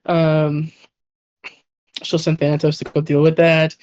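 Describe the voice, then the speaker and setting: A woman's voice: sits low, completely flat delivery, measured pace, darkish tone. A woman narrating as game master of a tabletop game, rambling with fillers and the odd curse. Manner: rambling, lots of fillers and swearing. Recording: dull muffled audio.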